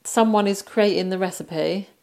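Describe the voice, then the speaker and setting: A woman's voice: mid-range voice, normal speed, gravelly, dark tone. A tired British woman co-hosting a casual film podcast, wry and chatty, laughing through her anecdotes. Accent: British English. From United Kingdom. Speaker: podcast co-host. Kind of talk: casual chat.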